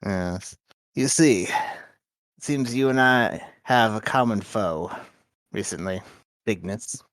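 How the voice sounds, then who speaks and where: A smooth, scheming gang agent , as a man puts him on in a tabletop game, leans on slow, knowing pauses. The voice sits low and fairly close to his everyday voice. Each question comes out sly and probing. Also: a bit bright, no room sound. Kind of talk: voicing a character in a tabletop game.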